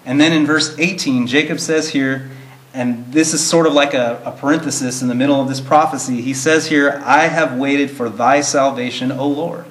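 A man of middle pitch teaches a verse-by-verse Bible study, reading old scripture aloud and then explaining it plainly and earnestly. His voice carries a roomy echo around it. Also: steady tone, moderate pace. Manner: earnest, explains plainly, reads verses in King James wording.

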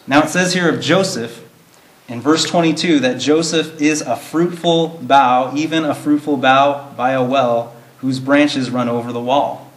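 A man of middle pitch teaches a verse-by-verse Bible study, reading old scripture aloud and then explaining it plainly and earnestly. His voice carries a roomy echo around it. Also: steady tone, a little slow. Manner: earnest, explains plainly, reads verses in King James wording.

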